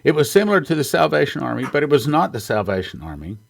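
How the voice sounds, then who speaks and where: A man's voice: on the high side, very animated, quick pace, vocal fry. A man from the United States telling an earnest, storytelling testimony in a sermon, sometimes choking up with emotion. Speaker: ministry founder and speaker.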